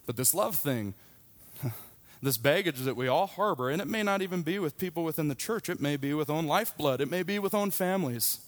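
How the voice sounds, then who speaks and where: A man's voice: a little high, lively intonation, a little fast. A man in his thirties, a pastor, preaching a sermon in a candid, conversational storytelling way. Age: 30s.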